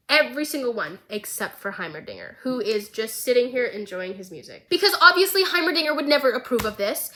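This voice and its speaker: A young woman vlogger recapping a show in a casual, excitable, rambling way, swearing freely. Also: on the high side, low-quality recording.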